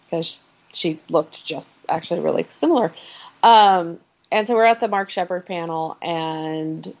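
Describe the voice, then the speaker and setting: A woman co-hosting a podcast, telling a convention story in an animated, laughing way. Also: fairly low pitch. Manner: animated storyteller, laughs often, acts out quotes. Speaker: podcast co-host. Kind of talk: casual chat.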